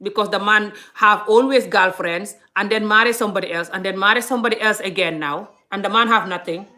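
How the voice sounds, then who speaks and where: A woman's voice: medium pitch, a little fast, pushed and bright. A middle-aged woman from Gambia vlogging in an earnest, impassioned monologue, often restarting and repeating herself. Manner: earnest, frequent restarts and repetition.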